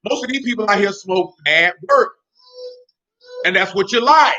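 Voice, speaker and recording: A man preaching a sermon in street slang, talking animatedly and breaking into shouts. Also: high-pitched, animated, normal speed. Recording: dull lo-fi recording.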